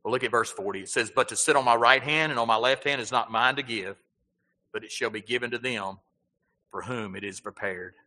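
Bright-voiced preacher in a reverberant hall. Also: male voice, mid-range voice, fairly quick. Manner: preaching with rising emphasis and rhetorical questions. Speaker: pastor. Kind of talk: sermon.

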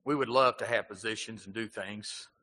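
A man's voice: lowish voice, fairly even intonation, normal speed, bright, forceful tone, in a large hall, poor audio. A male pastor preaching a sermon, asking the congregation rhetorical questions and building emphasis.

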